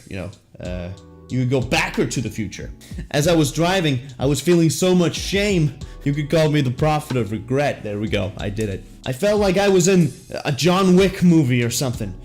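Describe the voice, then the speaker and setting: A man's voice: sits high, darkish tone. A young man telling an embarrassing story in a comedic storytime monologue, jokey and self-deprecating with puns and asides. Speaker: vlogger.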